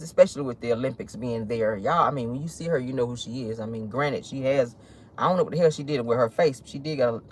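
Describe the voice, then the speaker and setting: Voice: medium pitch, a bit bright. Sassy gossip host chatting while driving. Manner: sassy, chatty, swears freely, calls viewers y'all and honey. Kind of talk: casual celebrity gossip chat. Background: faint road and car noise.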